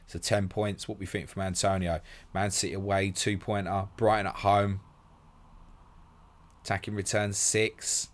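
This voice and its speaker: A man hosting a live stream, briskly reading listener questions aloud and answering them in a matey, casual way. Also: sits low, level tone. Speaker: podcast host.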